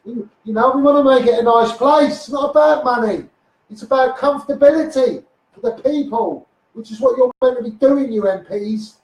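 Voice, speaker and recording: A man's voice: extremely high pitch, moderate pace, a little mellow. A man with a Liverpool accent ranting in a Facebook live monologue, swearing and firing repeated asides at his viewers, recorded on a phone. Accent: Liverpool (Scouse). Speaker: self-styled activist livestreamer. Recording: echoey room, far from phone mic.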